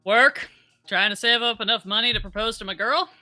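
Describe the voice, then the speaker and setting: A hard-bitten woman drifter in riding leathers, played by a woman, blunt and sour and quick to swear. She speaks a bit lower than the performer's usual voice but keeps a sharp, bright edge. Soft music sits in the background.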